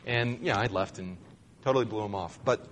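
A man recounts his own story to an audience in a relaxed, conversational way, with dry humor at his own expense. His voice sits on the lower side. A faint background hum runs under it. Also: brisk. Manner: conversational, wry and self-deprecating. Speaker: speaker sharing a personal testimony. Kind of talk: storytelling talk.

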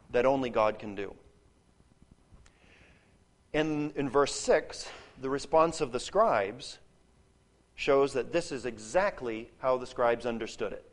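A man giving a spoken lesson on a Bible passage. He explains as he goes, restarts and repeats words while he thinks, and checks in with "okay?" and "right?". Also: mid-range voice. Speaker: Bible teacher.

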